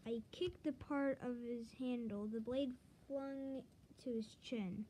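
A woman's voice: fairly high pitch, steady tone, slow, warm tone, a little hiss or hum, poor audio. A woman reading her own story aloud in an earnest, dramatic storytelling manner.

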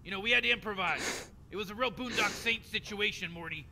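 Fast, bright, smug old scientist in a game, rambling offhand, reverberant. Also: male voice, high-pitched, vocal fry, a little hiss or hum, exaggerated voice. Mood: dismissive soothing. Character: old male mad scientist, smug and scheming. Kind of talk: video game character dialogue.

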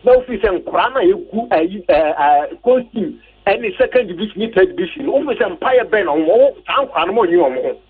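This caller to a radio sports show has a high-pitched, slightly rough voice with lively intonation, and he speaks a little fast. Heard over a tinny, distant phone line in a dry recording, he heatedly and repetitively complains about the national coach.

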